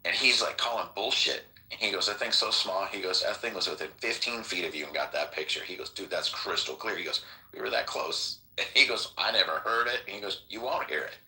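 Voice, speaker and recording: Low-voiced man telling a rambling story. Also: expressive, a little fast, pushed and bright, low-quality recording. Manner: rambling storyteller, acts out quotes, swears freely. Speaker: podcast host. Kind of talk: casual podcast chat.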